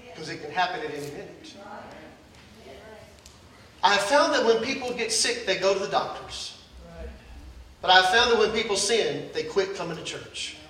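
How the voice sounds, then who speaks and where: A man's voice: sits high, animated, normal speed, pauses often, pushed and bright, roomy sound, recorded from a distance, low-quality recording. An older man preaching a sermon as pastor, repeating phrases with rising urgency. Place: church sanctuary.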